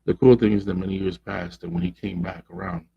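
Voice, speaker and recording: A man's voice: low-pitched, fairly quick, gravelly, lo-fi sound, a little hiss or hum. A man hosting a podcast, telling a story in a casual, slangy way and acting out the people he quotes. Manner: animated, slangy, acts out quoted voices. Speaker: podcast host.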